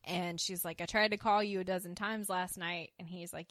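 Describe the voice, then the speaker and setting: Woman podcast co-host, animated, plays every character's lines, dry booth. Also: fairly low pitch, normal speed, no echo. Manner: animated, acts out quoted characters with laughter. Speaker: podcast co-host recapping a TV episode. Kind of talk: casual chat.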